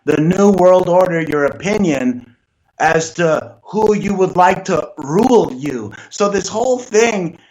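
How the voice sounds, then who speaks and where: Opinionated man with a slightly high voice. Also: expressive, slow, darkish tone, rough recording. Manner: loose, filler-heavy, opinionated talk. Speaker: show host. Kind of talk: casual talk show conversation.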